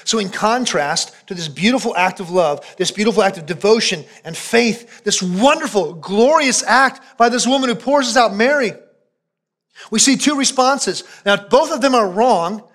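Man, pastor, high-pitched, emphatic sermon delivery, repeats phrases, hushed solemn asides. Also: animated, moderate pace. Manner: drops to a low, quiet voice for solemn points.

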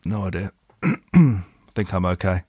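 A man's voice: low voice, lively intonation, unhurried, darkish tone, breathy edge, no room sound, studio quality. A man hosting a podcast, reading a listener's email aloud and repeatedly cracking up with laughter. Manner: keeps breaking into giggles while reading. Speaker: podcast host.

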